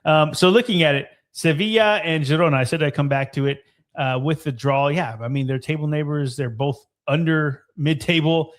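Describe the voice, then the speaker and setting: A man co-hosting a soccer podcast, reviewing matches in an excitable, casual way and swearing freely. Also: a little high, moderate pace. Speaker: podcast co-host.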